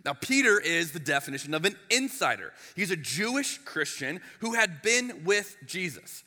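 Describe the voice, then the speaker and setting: A man, the lead pastor, telling a story in a chatty, animated sermon in a church sanctuary. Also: sits high, normal speed. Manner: animated, chatty, with frequent restarts and asides. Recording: long reverb of a large hall.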